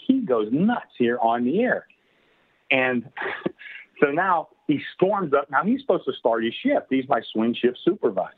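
Casting: husky man, chatty storyteller, thin telephone-band sound. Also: medium pitch. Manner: rambling, laughing often, many fillers. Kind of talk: casual anecdote telling. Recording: tinny phone-like radio line.

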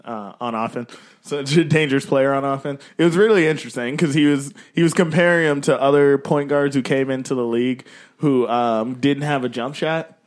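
A man co-hosting a podcast, asking questions and chatting easily about basketball, with some hesitant pauses. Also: mid-range voice, steady tone. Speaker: podcast co-host. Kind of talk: casual basketball chat.

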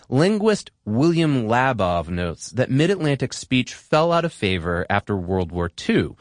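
A man hosts an explainer podcast, talking straight into a close studio mic. His delivery is playful and animated, and the pitch rises and falls a lot. The sound is dry with no room echo. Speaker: podcast host. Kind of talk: scripted narration.

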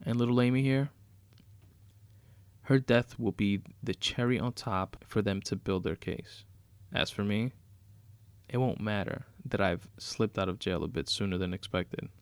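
A cold, taunting woman, as a male narrator puts her on lays out her revenge in sarcastic, mocking tones. The voice sits low with a gravelly grain, recorded close and dry with no room sound. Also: a little slow, dry recording. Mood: coldly gloating.

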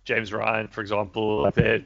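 A man's voice: fairly low pitch, completely flat delivery, normal speed, gravelly, fairly bright tone. Brief: male host, casual rambling chat, hesitant restarts, dull lo-fi audio. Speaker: podcast host previewing rugby. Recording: dull lo-fi recording.

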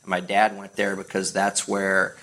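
Rambling storyteller man, low voice. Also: completely flat delivery, moderate pace, gravelly, a bit bright. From United States. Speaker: guest. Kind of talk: casual podcast chat.

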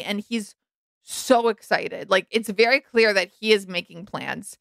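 A young adult woman co-hosting a podcast, talking through a reality show in a frank, animated, casual way. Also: mid-range voice, unhurried, creaky, no room sound. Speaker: podcast co-host. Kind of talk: casual recap chat.

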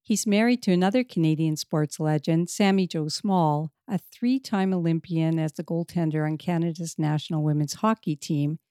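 A woman with a low, mellow voice hosts an interview. She reads the guest's introduction and asks questions in an encouraging way. Her voice is recorded dry and close. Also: normal speed, hardly any pauses, clear, resonant tone, no echo. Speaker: podcast host. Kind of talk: interview host.

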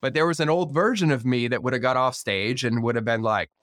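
A man hosting a podcast interview in casual chat, energetic and swearing freely, acting out the dialogue he quotes. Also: medium pitch, a little fast, dry recording. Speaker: podcast host.

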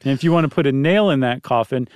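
Guy cohosting a chatty podcast, smooth clear voice, dry close sound. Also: medium pitch, fast talker, darkish tone, no room sound. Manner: chatty, explains history with acted quotes. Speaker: podcast co-host. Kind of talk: casual chat.

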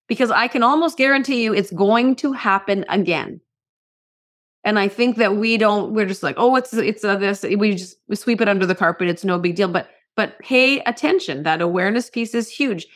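A middle-aged woman, a motivational speaker and podcast guest, telling a story in relaxed conversation and acting out the quoted dialogue. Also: mid-range voice. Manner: animated, acts out quoted dialogue.

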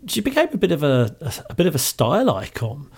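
A man's voice: fairly high pitch, huge pitch swings, fast talker, darkish tone, breathy edge. A man with a Cockney accent hosting a show, talking in a chatty, amused, fond way. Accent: London Cockney. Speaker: podcast host. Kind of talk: casual enthusiastic commentary.

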